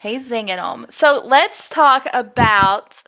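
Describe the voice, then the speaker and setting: A giggly woman co-hosts a casual chat show, her voice bright and a little high. The recording sounds dull and lo-fi, a bit muffled. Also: takes it slowly. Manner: giggly, playful, animated. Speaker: co-host.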